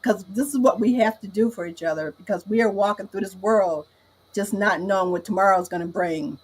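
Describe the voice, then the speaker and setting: A woman's voice: medium pitch, a little fast, a little hiss or hum, low-quality recording. A woman guest on a podcast telling a heartfelt story in casual chat, often repeating "I said".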